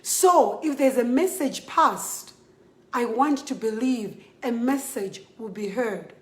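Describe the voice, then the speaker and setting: A woman's voice: fairly high pitch, animated, slow pace, reverberant. A young Zambian woman with a Zambian accent, making an emphatic, impassioned direct-to-camera appeal. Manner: emphatic, repetitive, pleading and scolding. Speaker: model speaking out.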